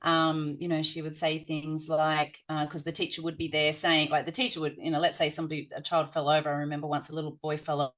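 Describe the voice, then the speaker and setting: A woman's voice: sits low, little pitch movement, quick pace, hardly any pauses. A woman guest on a parenting podcast, telling stories at length with many fillers, with an Australian accent, calling mummy. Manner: warm storytelling with frequent fillers. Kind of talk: conversational storytelling.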